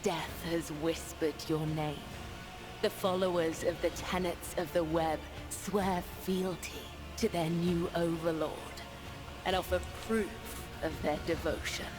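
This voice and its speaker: A woman voicing the solemn leader of a devout assassin cult in a video game, speaking in slow, grave ritual pronouncements. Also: fairly low pitch, steady tone, natural voice, poor audio. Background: game music.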